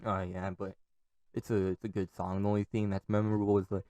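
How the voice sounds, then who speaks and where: On his own podcast, a young man from California talks quickly in a level, low-side voice against some background noise. He's profane and rambling, and he keeps cracking up at his own stories.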